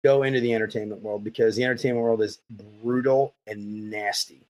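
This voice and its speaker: A man hosting a podcast interview, telling stories in a rambling, animated way. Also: lowish voice, fairly quick, lo-fi sound. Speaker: podcast host. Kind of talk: casual interview chat.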